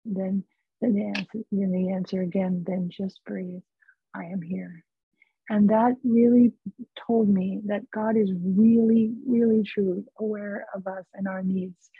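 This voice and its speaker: A woman from California, a psychotherapist guest, telling a personal story in an earnest, unhurried way over a remote call. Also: medium pitch, steady tone, slightly rough, no room sound. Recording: tinny phone-like line, dry.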